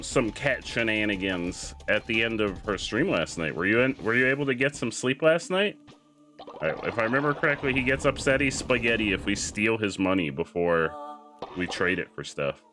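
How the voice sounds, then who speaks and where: Excitable, animated male streamer. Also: lowish voice, normal speed, faint music behind. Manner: excitable, swears freely, chats with viewers. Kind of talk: casual livestream commentary while gaming.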